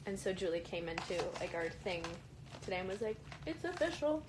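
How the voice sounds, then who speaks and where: A woman's voice: on the low side, fairly even intonation, a little fast, noisy background. A young woman, an actress, telling a story in casual chat, full of fillers and quoted lines. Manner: chatty, lots of fillers and quoted voices. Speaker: actress on a livestream.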